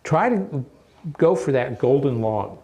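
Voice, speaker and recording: A man's voice: mid-range voice, sing-song, slow, warm tone. A middle-aged man giving a conference presentation, coaching listeners with emphatic advice and frequent "okay?" check-ins. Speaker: presenter at a radio contesting workshop.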